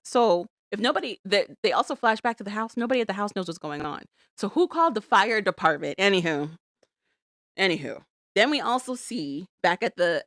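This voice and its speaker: A woman's voice: medium pitch, dry recording, studio quality. A woman co-hosting a podcast, recapping a TV episode in casual chat and acting out characters' lines. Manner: animated storytelling, acts out quotes. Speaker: podcast co-host.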